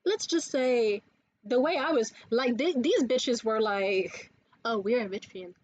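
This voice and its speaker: A woman talking in a casual life-update vlog, telling stories in a lively, profane way from a room indoors. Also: fairly high pitch, takes it slowly, dull audio. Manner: profane, animated storytelling. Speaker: vlogger.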